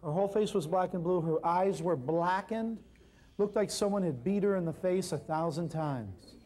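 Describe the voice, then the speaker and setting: A man giving an animated seminar talk, telling a story and addressing the audience directly. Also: sits high, moderate pace. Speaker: natural healing speaker.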